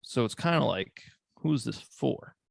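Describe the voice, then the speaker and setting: A man's voice: mid-range voice, animated, a little slow, gravelly, no room sound, studio quality. A man co-hosting a podcast, chatting in a laid-back, rambling way with jokes. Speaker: podcast co-host. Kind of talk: casual chat.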